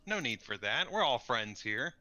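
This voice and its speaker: A man's voice: medium pitch, very animated, moderate pace, sharp tone, no room sound, dull audio. A man playing a tabletop game, talking in character in a coaxing, persuasive way. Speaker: player.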